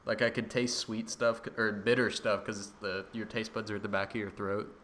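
A young man with a fairly low voice, chatting casually and laughing his way through long, rambling anecdotes. A faint hiss of background noise sits under the recording. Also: level tone, moderate pace, a bit bright. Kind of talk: casual chat.

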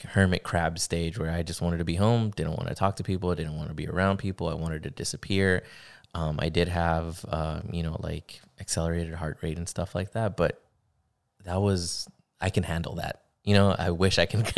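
Low-voiced young man telling a story. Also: level tone, gravelly. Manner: halting, many fillers and restarts. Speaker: podcast guest. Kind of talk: casual conversation, personal story.

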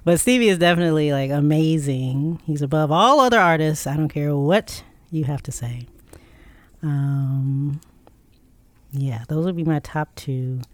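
A woman's voice: sits low, measured pace, no echo. A woman chatting casually and enthusiastically about the music she loves. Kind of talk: casual chat.

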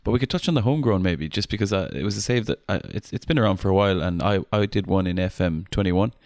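A man's voice: low voice, lively intonation, fast, a little mellow, dry recording, clean studio sound. A man co-hosting a casual podcast chat, explaining things in an easygoing, hesitant way. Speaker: podcast co-host.

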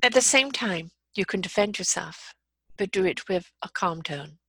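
A middle-aged woman telling a personal story and giving calm, earnest life advice. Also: mid-range voice, moderate pace, breathy edge, no echo. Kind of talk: motivational talk with personal story.

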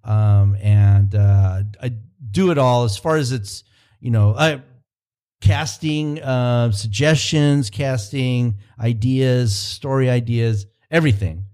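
A man's voice: medium pitch, slow pace, darkish tone, clean tone. Man telling stories with many restarts. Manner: rambling storyteller with frequent restarts. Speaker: cultural consultant and consulting producer. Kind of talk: casual podcast interview.

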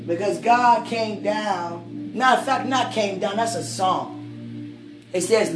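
A woman giving a casual spoken faith testimony, emphatic and swinging from soft musing to loud outbursts. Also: medium pitch, expressive, measured pace. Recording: roomy echo with music behind.

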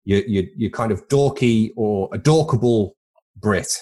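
Rambling British man, low voice. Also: unhurried, a little mellow. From Britain. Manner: rambling, crude comic tangents. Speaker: podcast co-host. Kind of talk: casual chat.

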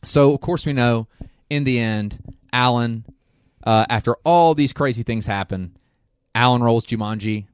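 A man's voice: medium pitch, measured pace, smooth. A man on a podcast, retelling a movie scene in casual chat and acting out the characters' lines. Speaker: podcast co-host.

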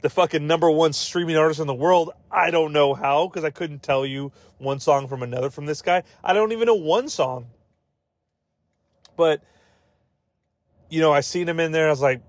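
Rambling, swearing podcast host, dry sound. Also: male voice, a little high, moderate pace, no echo. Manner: rambling, profane, full of fillers and asides. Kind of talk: casual movie-review chat.

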